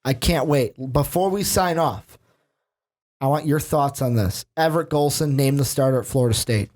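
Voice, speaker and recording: A man's voice: medium pitch, moderate pace. A man hosting a casual sports podcast, joking and asking his co-host questions. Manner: joking, animated, asks questions.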